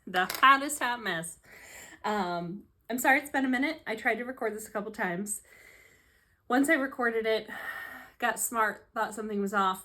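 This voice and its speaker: A woman's voice: medium pitch, bright, forceful tone. A woman, hosting a casual home hobby vlog, chatty, sarcastic and self-deprecating, often laughing, recorded on a phone at home. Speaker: hobby vlogger. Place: home room, seated at a tray table. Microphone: phone camera.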